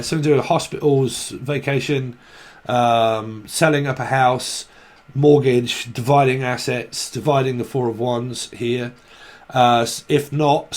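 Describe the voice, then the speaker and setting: A man giving a casual tarot reading, rambling and blunt, swearing freely. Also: medium pitch. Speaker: tarot reader.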